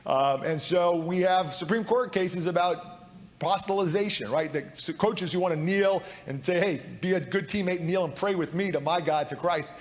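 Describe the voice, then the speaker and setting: A man's voice: sits high, normal speed. A man who is a state legislator giving an argumentative floor speech, often tossing in rhetorical "right?" asides. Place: large legislative chamber. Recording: echoey hall reverb.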